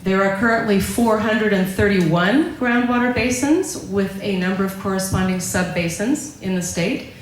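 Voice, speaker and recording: A woman giving a prepared public talk, explaining a ballot measure and often checking in with her listeners. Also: medium pitch. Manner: explanatory, keeps checking in with "okay?". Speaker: local speaker presenting on a ballot measure. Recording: very echoey room with faint background noise.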